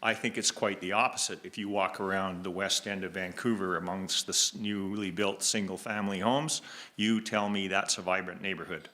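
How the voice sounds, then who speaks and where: A low-voiced man speaks in a public debate. His tone is sharp and bright, and he talks deliberately, restarting now and then. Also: fairly even intonation. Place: lecture hall with audience.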